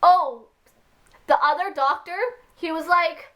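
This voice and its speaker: A woman speaks to camera in a high voice, rambling through her story. She is upset and fills every sentence with "like" and "freaking". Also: fairly even intonation, slow, bright, forceful tone. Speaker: vlogger.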